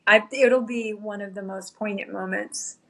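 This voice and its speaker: A woman's voice: medium pitch, steady tone, measured pace, vocal fry. A middle-aged woman telling a heartfelt story as a podcast guest, earnest and close to tears at times, quoting her own thoughts along the way. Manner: earnest, tearful at times, quotes herself. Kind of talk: emotional storytelling.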